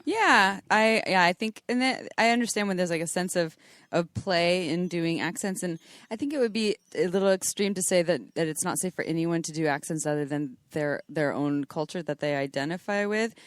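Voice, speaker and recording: A woman co-hosting a podcast with a slightly low voice. She weighs her words and thinks aloud, and laughs easily in between. The sound is close and dry. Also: moderate pace, dry recording. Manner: thoughtful and reflective, laughs easily, swears casually. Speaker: podcast co-host. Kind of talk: casual chat.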